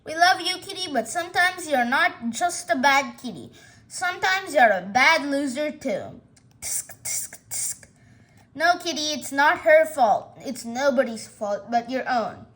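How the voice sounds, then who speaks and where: A patient pet owner from a storybook gently scolds and explains, as a woman reads it aloud. The voice is high and the pace slow and careful. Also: lively intonation. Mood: scolding.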